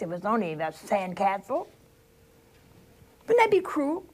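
An older woman, a religious sister, giving a homely sermon, telling stories and asking the listeners questions. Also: fairly high pitch. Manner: slow storytelling with rhetorical questions to the listeners.

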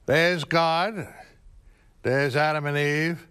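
A man giving someone an assignment, retelling a story in a deliberate, plain-spoken way. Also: a little high, fairly even intonation, a bit bright, clear, resonant tone. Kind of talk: casual instruction, retelling a story.

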